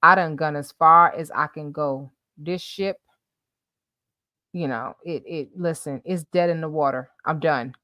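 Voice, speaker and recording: A woman's voice: bright, forceful tone, no room sound, studio quality. A woman doing a sheepish man backing out. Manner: halting, sheepish, lowered voice. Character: hesitant man delivering bad news.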